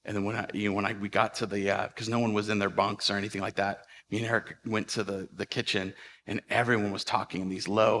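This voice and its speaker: Bright-voiced man telling a sermon story. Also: mid-range voice. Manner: animated storyteller, quick bursts and hushed asides. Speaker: pastor. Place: church sanctuary.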